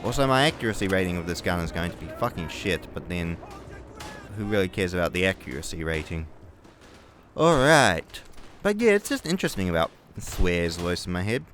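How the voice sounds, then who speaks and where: A man's voice: deep voice, very animated, brisk, fairly bright tone, a little hiss or hum. A young New Zealand man with a New Zealand accent, rambling and swearing through gameplay commentary, with angry outbursts. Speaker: gaming video creator.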